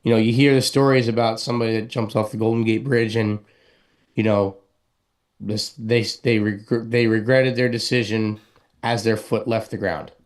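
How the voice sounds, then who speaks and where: A man co-hosting a talk show, speaking earnestly and haltingly as he gives heartfelt advice. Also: on the low side, level tone. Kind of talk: casual talk show chat.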